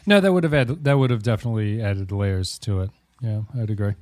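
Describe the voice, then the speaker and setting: A man's voice: lowish voice, fairly quick, darkish tone, no echo, clean studio sound. Rambling male podcast co-host. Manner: rambling, restarts often, laughs easily. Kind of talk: casual chat.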